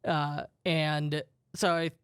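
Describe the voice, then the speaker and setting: A man's voice: a little high, level tone, drawn-out words, smooth, no echo, clean studio sound. A man co-hosting a podcast, telling stories in a jokey, self-deprecating way. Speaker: podcast co-host. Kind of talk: casual podcast chat.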